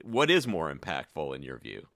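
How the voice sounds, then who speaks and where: A man's voice: a bass voice, huge pitch swings, moderate pace, vocal fry, fairly bright tone, no echo, clean studio sound. A man co-hosting a podcast, asking a guest long, curious, rambling questions in casual chat. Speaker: podcast co-host.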